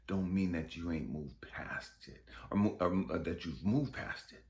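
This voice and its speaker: A man giving an emotional, profane monologue about forgiveness as a spiritual vlogger, swinging from loud outbursts to hushed whispers. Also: low-pitched, moderate pace.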